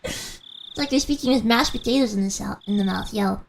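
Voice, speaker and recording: Young woman streamer w a slight american mountain accent, rambly n giggly, kinda high voice. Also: brisk, creaky, a little hiss or hum. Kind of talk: casual chat with viewers during a game stream.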